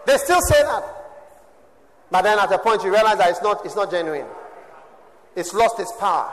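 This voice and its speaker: A man preaching a sermon, swinging between loud exhortation and quiet asides. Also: lively intonation, moderate pace, pauses often, long reverb tail, low-quality recording. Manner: preaching with shifts from shouts to low asides. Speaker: pastor.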